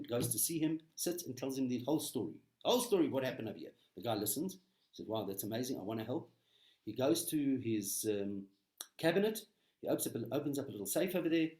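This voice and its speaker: A man giving a weekly Torah talk as a rabbi, preaching with animated storytelling and emphatic repetition. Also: mid-range voice, reverberant.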